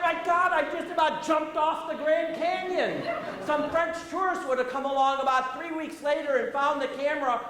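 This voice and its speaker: A high-voiced male pastor preaches in a folksy, storytelling way, chuckling and repeating himself. He is a little out of breath. The sermon echoes through a roomy church sanctuary. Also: fairly bright tone.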